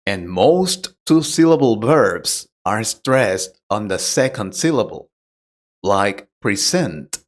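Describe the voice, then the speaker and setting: The slow, deliberate pronunciation lesson comes from a male English teacher whose lowish voice is animated. He explains patiently in plain terms and questions the learner directly.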